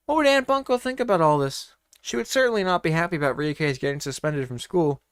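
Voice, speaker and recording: Guy reading a goofy story out loud, mock dramatic, bright voice, pretty dry sound. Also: fairly high pitch, animated, a little fast, few pauses, clean tone, no echo. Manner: playful, mock-dramatic reading with joking asides. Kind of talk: reading a comedic story aloud with asides.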